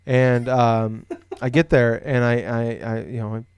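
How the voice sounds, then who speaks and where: A man's voice: medium pitch, flat delivery, unhurried, a little mellow, smooth, no echo. A young man from Iowa co-hosting a casual podcast, rambling with lots of fillers and restarts. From Des Moines, Iowa. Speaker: podcast co-host. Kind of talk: casual chat.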